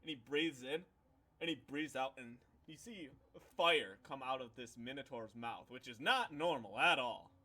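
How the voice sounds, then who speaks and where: A man's voice: mid-range voice, moderate pace, pushed and bright. A man narrating a tabletop game as game master, telling it loosely with lots of fillers. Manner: loose, filler-heavy storytelling.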